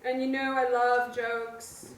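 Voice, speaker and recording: An actress playing a drunk young woman in a bar, speaking flatly and wearily. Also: fairly high pitch, slow pace. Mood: weary. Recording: echoey room, mic at a distance.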